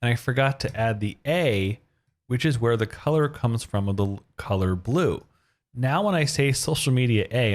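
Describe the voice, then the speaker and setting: Guy teaching web design, bouncy lively voice, upbeat and explaining each step as he codes. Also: medium pitch, normal speed. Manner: upbeat, talks through each step as he types. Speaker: web design tutorial host. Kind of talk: screen-recorded coding tutorial.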